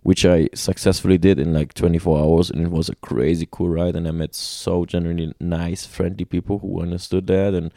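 A man recounts his travels in relaxed conversation. His voice sits very low with a dark, mellow tone. He talks animatedly, restarts often and laughs a lot, and the recording is dry and close. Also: fairly quick, hardly any pauses, dry recording. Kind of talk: casual conversation.

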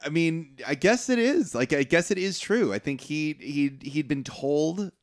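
Man reacting in short bursts, lively pitch. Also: unhurried. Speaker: podcast co-host. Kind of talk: casual film discussion.

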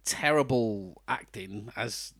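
A man's voice: on the low side, slow pace, a bit bright, slightly rough, dry recording, studio quality. A British man hosting a podcast, chatting casually about a film and laughing often. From Britain. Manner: chatty, laughs often, breaks into mock voices. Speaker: podcast host. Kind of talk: casual film review chat.

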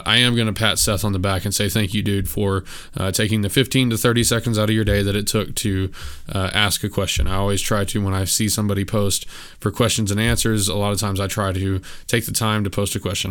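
Low, smooth-voiced man hosting a podcast. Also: fairly bright tone. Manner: casual, rambling, candid with frequent filler words. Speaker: podcast host. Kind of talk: solo podcast monologue.

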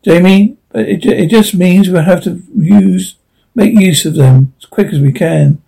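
A man's voice: high-pitched, a little slow, creaky, warm tone, slightly rough, heavily acted, poor audio. A man reading a bold young Scottish lad. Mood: determined.

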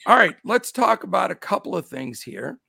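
A man's voice: high-pitched, very animated, normal speed, vocal fry, breathy edge, dry recording, clean studio sound. A middle-aged man with a scratchy voice hosting a casual sports betting show, upbeat as he greets his chat. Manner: upbeat, shouts out chat names. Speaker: show host.

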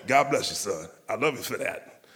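A man's voice: mid-range voice, animated, normal speed, fairly bright tone, close to an everyday voice. A man voicing a famous older male soul singer, folksy and commanding, who drawls and calls everyone son.

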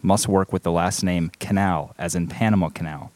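Lowish-voiced guy reading listener messages on a podcast, plain and matter-of-fact, dry sound. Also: fairly even intonation, moderate pace, darkish tone, dry recording. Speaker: podcast co-host.

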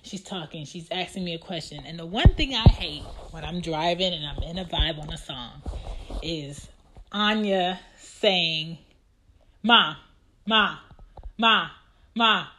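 A young woman and mother telling a casual, exasperated story about her child, acting out the quoted lines with big swings in pitch and loudness. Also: animated, measured pace, background noise.

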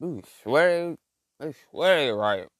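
A man's voice: a little high, lively intonation, measured pace, a bit bright, dry recording. Rambling man ranting for laughs. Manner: rambling, slangy, full of fillers and restarts. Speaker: comedian. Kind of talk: comedic rant monologue.

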